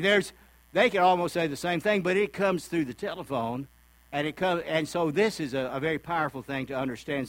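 A man's voice: on the high side, dry recording, poor audio. A male preacher giving a sermon in a folksy, conversational way, acting out the voices of people he quotes.

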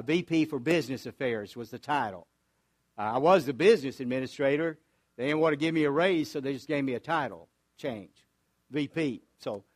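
An older man, a pastor, preaching a sermon in an earnest storytelling way, with frequent restarts. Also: fairly high pitch.

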